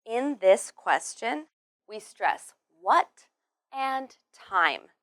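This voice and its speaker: A woman teaching English pronunciation, drilling words one by one and stressing each clearly. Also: fairly high pitch, big pitch swings, drawn-out words, fairly bright tone, dry recording, studio quality. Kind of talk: slow, deliberate pronunciation lesson.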